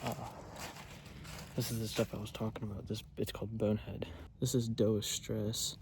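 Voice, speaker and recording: A young man rambling in a laid-back way, often keeping his voice low, in a casual outdoor hunting vlog. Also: flat delivery, moderate pace, creaky. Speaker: hunting vlogger. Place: outdoors in woods by a food plot. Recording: outdoor noise behind. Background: outdoor noise.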